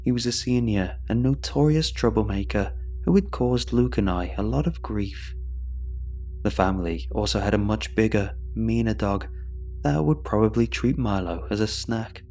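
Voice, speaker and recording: A man narrating a scripted horror story in a steady, measured way. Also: fairly low pitch, slight background noise.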